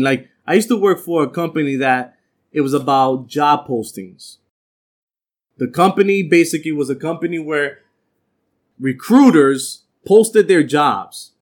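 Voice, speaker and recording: A man teaching an informal bible class, telling stories from his working life and acting out the voices of the people in them. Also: a little high. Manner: animated, acts out quoted voices, streetwise New York slang.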